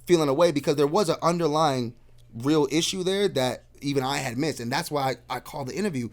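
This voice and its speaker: A man's voice: fairly high pitch, fast talker. A man from Arizona, a podcast guest telling stories in casual chat, acting out what people said and calling everyone "bro". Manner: animated storyteller, acts out quotes, says "bro" constantly.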